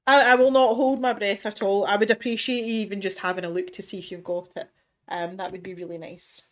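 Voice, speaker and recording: A woman's voice: mid-range voice, steady tone, a little fast, a bit bright. A middle-aged Scottish woman hosting an art livestream from her home studio, chatting casually and self-deprecatingly, laughing often and restarting her sentences. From Scotland. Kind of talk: casual livestream chat reading viewer comments.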